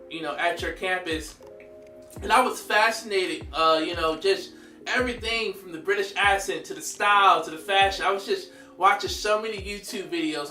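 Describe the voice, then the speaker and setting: A man in his thirties telling a story in a slangy, animated way, laughing often. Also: high voice, reverberant, distant mic. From United States. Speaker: vlogger. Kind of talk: casual storytelling.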